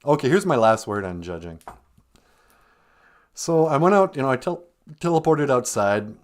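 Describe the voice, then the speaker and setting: A man's voice: mid-range voice, sing-song, normal speed. A man delivering a rambling, sardonic comic monologue on a live stream. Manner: sardonic, rambling, with mocking put-on voices.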